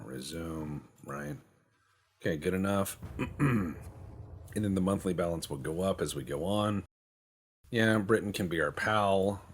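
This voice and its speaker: A man with a very low voice talks through his game in an animated, swinging way. He is a jokey, sweary host who pokes fun at himself. It is casual let's-play commentary. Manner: joking, sweary, self-mocking; slips into quick silly voices for other countries. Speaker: gaming channel host.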